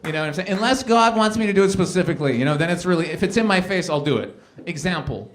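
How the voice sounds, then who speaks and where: Here a man talks fast in a high voice. Doing a stand-up set live, this Canadian comedian spins animated stories and voices the characters he quotes.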